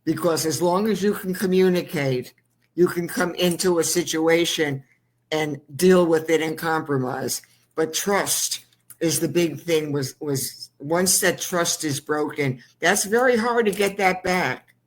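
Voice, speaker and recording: A woman's voice: low voice, a little slow. A woman hosting a talk show interview, blunt and opinionated, with a teasing edge. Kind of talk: casual interview chat.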